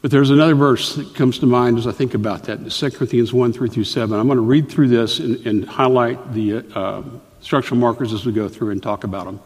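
A middle-aged male pastor delivering a sermon in an earnest, deliberate way, often stopping to explain a point. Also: mid-range voice, steady tone, darkish tone, breathy edge. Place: church sanctuary. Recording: reverberant church hall.

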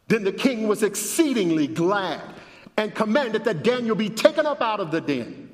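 A man preaching a sermon and reading scripture aloud with dramatic emphasis, his voice rising at the high points. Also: sing-song, normal speed, in a large hall.

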